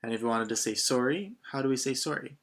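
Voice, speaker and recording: Fast-talking and expressive, this man has a mid-range, fairly bright voice as he narrates a scripted beginner language lesson. He is patient and encouraging, moving between English and French phrases with many short prompts and plenty of repetition.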